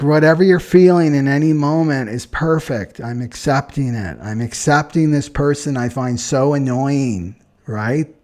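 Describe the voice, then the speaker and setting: A man in a relaxed live-stream talk, reading out viewer comments and talking through astrology charts. His voice sits at an ordinary middle pitch for a man. He talks loosely and conversationally, tagging "right?" onto his thoughts and laughing lightly. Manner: relaxed and chatty, keeps adding "right?" with short laughs.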